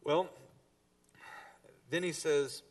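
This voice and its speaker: A man's voice: on the high side, very slow. Man preaching a sermon, from a distance. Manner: preaching to a congregation, with emphatic rises and soft drops. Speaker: pastor.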